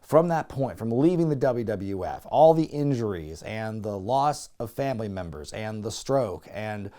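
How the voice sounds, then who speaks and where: A man hosting a podcast, recapping an event in a casual, animated way and acting out the quotes. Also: measured pace. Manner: animated, acts out quotes with rising pitch. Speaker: podcast host.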